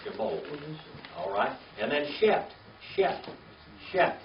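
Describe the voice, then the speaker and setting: An older man teaching a classroom Hebrew reading lesson, patient and slow, spelling words out letter by letter. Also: a little high, very animated, creaky, slight background noise. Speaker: Bible language teacher. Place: classroom with a small group. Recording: echoey, distant, dull lo-fi room recording.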